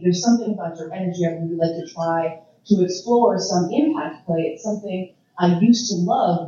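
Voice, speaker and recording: A woman's voice: lowish voice, distant mic. A woman tells stories at a conference Q&A, swearing freely and laughing often. Her voice comes from well away from the mic in a very echoey room. The sound is dull and carries a faint hiss. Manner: profane, animated storyteller with frequent laughs. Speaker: featured guest speaker. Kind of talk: casual storytelling Q&A.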